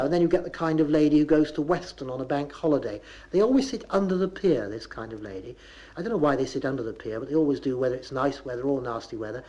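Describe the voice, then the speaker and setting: A man's voice: fairly high pitch, mellow, low-quality recording. A man with a Bristol accent giving a chatty, wry, folksy humorous monologue. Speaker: narrator. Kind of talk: humorous spoken-word monologue.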